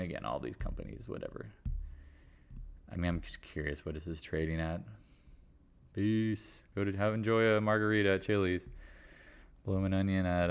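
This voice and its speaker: Low-voiced man chatting about markets. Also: clean tone. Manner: rambling, joking, offhand, profane. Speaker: stock market livestream host. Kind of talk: casual live market chat.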